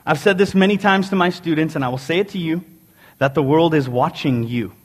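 A man delivers a sermon, his voice sitting a little high. He tells jokes and family stories in an animated, self-mocking way. His words ring out with a long reverb in a church sanctuary. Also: fairly quick. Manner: animated, joking storyteller. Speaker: preacher.

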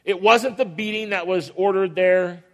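A man preaches from the pulpit in a high, carrying voice. He leans on repetition and dramatic pauses and slips into the voices of the people in his story. The sound trails off into the long reverb of a church sanctuary. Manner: acts out quoted voices of biblical figures. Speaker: pastor. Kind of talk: sermon.

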